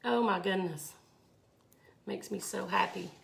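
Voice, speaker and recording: Woman, Mississippi Southern accent, chatty, exclamatory, live craft tutorial, mid-pitched. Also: measured pace, vocal fry, a bit bright. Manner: chatty, effusive, exclaims often. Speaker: resin art instructor.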